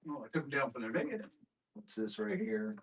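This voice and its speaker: A man's voice: mid-range voice, big pitch swings, brisk, a bit bright, a little hiss or hum. A man, chatting casually to viewers as a live-stream seller and thinking aloud as he digs through his stock. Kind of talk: casual live auction chat.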